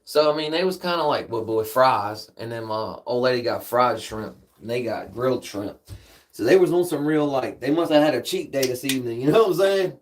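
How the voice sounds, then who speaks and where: Laid-back male streamer telling a story off the cuff, profane and rambling, average pitch. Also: expressive, brisk. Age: adult with a daughter. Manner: rambling, profane, peppers speech with "man". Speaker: livestream host. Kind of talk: casual storytelling.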